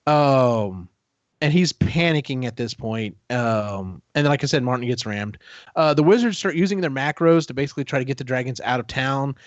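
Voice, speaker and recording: A man's voice: mid-range voice, animated, no room sound. A man hosting a podcast, recapping a book in a casual, rambling way and briefly acting out characters' lines. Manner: rambling retelling, quick acted-out quotes. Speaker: podcast host. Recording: dull, dry lo-fi podcast audio.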